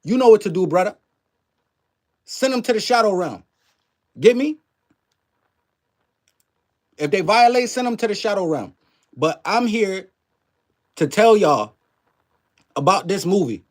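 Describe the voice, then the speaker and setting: A man with a high-pitched voice rants to a live chat, preachy and emphatic, full of slang and swearing. He keeps firing rhetorical questions at his viewers. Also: expressive, unhurried, pauses often. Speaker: livestream commentary host. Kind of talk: casual ranting commentary to a live chat.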